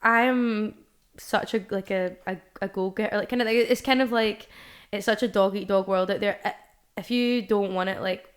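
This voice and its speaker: A woman's voice: mid-range voice, steady tone, moderate pace. Rambling young Scottish woman. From Scotland. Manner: rambling, many fillers and restarts. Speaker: guest musician. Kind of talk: casual podcast chat.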